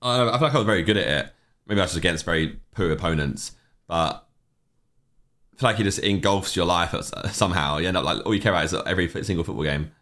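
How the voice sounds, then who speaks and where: A man's voice: sits low, fast talker, a bit bright. A young man, casually chatting on a livestream, rambling and reacting to chat messages with offhand opinions.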